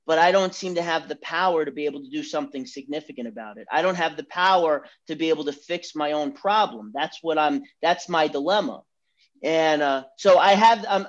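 Candid man telling his recovery story. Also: on the high side. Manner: candid, self-mocking storytelling. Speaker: speaker sharing recovery story. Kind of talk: recovery meeting talk. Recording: dull lo-fi recording.

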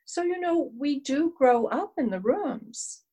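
A woman sharing her own story at a recovery meeting, candid and self-deprecating, telling it with animated asides. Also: sits high, takes it slowly, low-quality recording. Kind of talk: personal sharing at a support meeting.

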